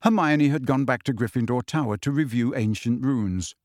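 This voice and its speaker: A man narrating a novel in measured, deliberate audiobook style. His voice sits at a middle pitch and the recording is dry and close, with no room sound. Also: a little mellow, no room sound. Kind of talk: scripted narration.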